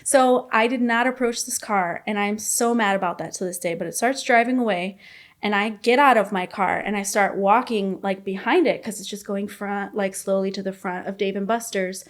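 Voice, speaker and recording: A woman's voice: medium pitch, normal speed. A young woman as a podcast guest, candidly retelling a painful story, blunt and swearing freely.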